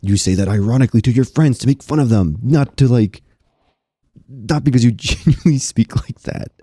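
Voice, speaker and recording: A young man chatting to his viewers while playing a game on stream, excitable and laughing often. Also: medium pitch, moderate pace, breathy edge, no echo, clean studio sound. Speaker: gaming streamer. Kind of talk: casual gaming stream commentary.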